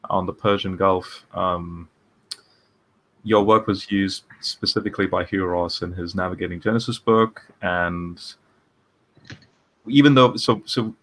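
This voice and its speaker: Rambling, low-voiced male podcast host. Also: pushed and bright. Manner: rambling, many restarts and fillers. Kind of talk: casual interview chat.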